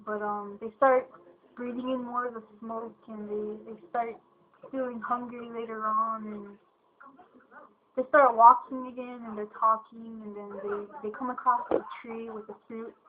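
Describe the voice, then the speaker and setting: Woman, rambling casual storyteller, higher voice, tinny lo-fi recording. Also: level tone, unhurried. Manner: rambling, lots of ums and "you know". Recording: tinny lo-fi phone-like audio.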